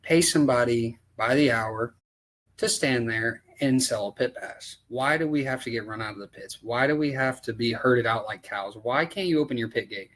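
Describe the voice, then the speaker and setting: A race car driver on a podcast, ranting about racetracks in casual, profane talk full of rhetorical questions. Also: male voice, medium pitch, normal speed, fairly bright tone. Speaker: dirt late model race driver.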